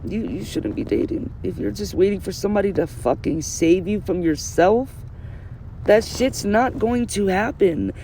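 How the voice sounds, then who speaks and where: A man's voice: sits high, lively intonation, moderate pace, dark tone, slight background noise. A man giving a candid, emphatic personal monologue to camera, repeating phrases and swearing freely. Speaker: vlogger.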